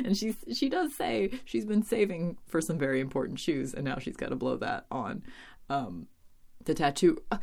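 Woman reviewer, deep voice, rambling casual chat with blunt asides. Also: big pitch swings, moderate pace, creaky, darkish tone. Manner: chatty and rambling, with many fillers and cursing asides. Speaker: TV episode reviewer.

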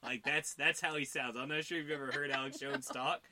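A man's voice: mid-range voice, steady tone, fast talker, background noise. A man co-hosting a podcast, rambling in casual chat with lots of fillers and swearing. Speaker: podcast co-host.

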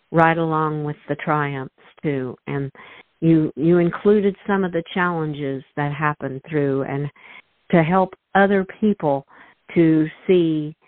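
A woman's voice: deep voice, no room sound. Gushy lady host on a call, tinny phone sound, dry. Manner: effusive, emotional, many restarts. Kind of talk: podcast interview.

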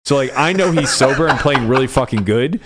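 A man's voice: medium pitch, expressive, a little fast, heavy background noise. A young man on a podcast, casually telling a poker story, swearing freely and acting out both sides of the hand. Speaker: podcast co-host.

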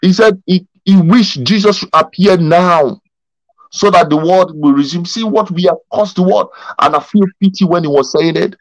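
A male pastor leading a Bible study over a video call, telling a story in an animated way and often stumbling over and repeating his words. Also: high-pitched, normal speed, dry recording, rough recording.

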